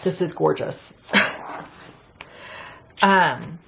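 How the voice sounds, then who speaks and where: Chatty woman crafter, low and unhurried. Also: vocal fry, a little hiss or hum. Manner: chatty and excitable, gasps at pretty items. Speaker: crafting channel host. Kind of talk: casual unboxing chat.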